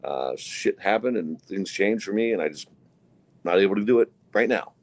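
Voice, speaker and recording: A man with a low voice riffs on a podcast in dry, sardonic banter. His pitch swings widely, and he stretches his words out lazily. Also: expressive, normal speed. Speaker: podcast co-host. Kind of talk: casual chat.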